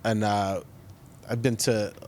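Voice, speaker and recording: A man's voice: lowish voice, little pitch movement, slow pace, a little mellow. A man with a New Jersey accent, a comedian co-hosting a podcast, telling a story in a rambling way full of fillers and restarts. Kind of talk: casual storytelling chat.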